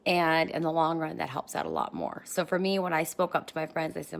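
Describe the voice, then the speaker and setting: A woman's voice: low-pitched, lively intonation, fairly quick, vocal fry, few pauses. A woman in her thirties talking casually and encouragingly into a handheld phone, bubbly and chatty with rambling asides. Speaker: vlogger. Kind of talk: casual motivational talk to camera.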